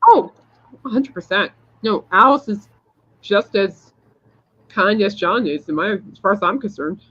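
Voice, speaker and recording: A woman's voice: mid-range voice, animated, unhurried, a bit bright, slightly rough. Woman podcast host rambling on, emphatic, kinda muffled lo-fi audio. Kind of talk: casual chat. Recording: dull lo-fi sound.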